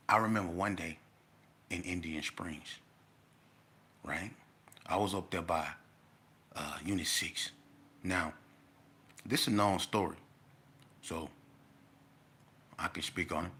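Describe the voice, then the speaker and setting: A man's voice: low-pitched, pushed and bright. A middle-aged man telling a blunt, slang-heavy story straight to his audience. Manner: blunt, street slang, addresses the audience directly. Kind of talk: casual storytelling to camera.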